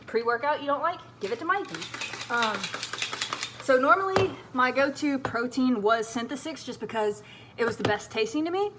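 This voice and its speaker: Brief: chatty female fitness vlogger with a slightly raised pitch, recorded with clear background noise. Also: lively intonation, moderate pace. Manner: rambling and chatty, many fillers. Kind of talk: casual vlog talk.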